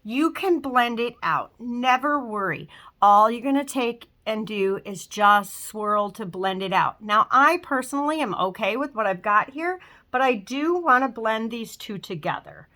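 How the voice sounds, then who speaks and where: A woman's voice: a little high, animated, a little slow, sharp tone. A woman in her fifties giving a casual makeup tutorial at home, chatty and talking while she works, trailing off into fillers. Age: 50s. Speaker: makeup vlogger.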